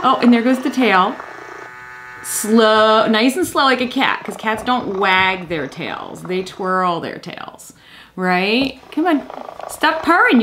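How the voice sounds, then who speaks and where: A woman's voice: fairly high pitch, background noise. A woman in her thirties hosting a casual toy review vlog, chatty and playful, cooing at a toy kitten.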